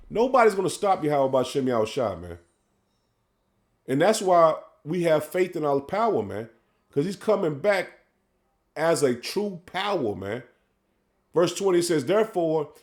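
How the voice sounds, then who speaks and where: A man preaching, tagging "man" onto his lines and reading scripture slowly and loudly. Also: fairly high pitch. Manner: fervent, says "man" after nearly every line; reads verses slowly and loudly. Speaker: street preacher.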